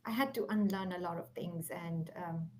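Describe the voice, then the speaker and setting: A woman's voice: fairly low pitch, moderate pace, a little hiss or hum. A woman speaking earnestly and reflectively, telling a personal story, sometimes dropping almost to a whisper. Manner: earnest, reflective, softens to near whispers at key points. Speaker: guest speaker. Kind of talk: heartfelt conversational storytelling.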